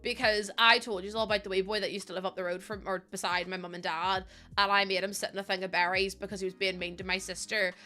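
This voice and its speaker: A woman's voice: mid-range voice, level tone, fast, hardly any pauses, bright, forceful tone, faint music behind. A young adult woman, chatting heatedly to her live chat while she builds in a game. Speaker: live streamer.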